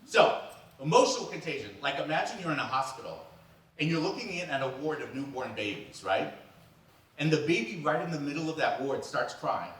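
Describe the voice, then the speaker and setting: A man from New York performing a comic storytelling monologue in an animated, playful way, acting out the people in his stories. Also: on the high side, brisk. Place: event hall. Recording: echoey hall, distant mic.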